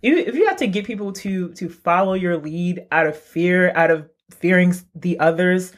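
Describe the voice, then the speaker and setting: A man's voice: high-pitched, moderate pace. A man co-hosting a casual podcast chat, rambling with many restarts. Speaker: podcast co-host.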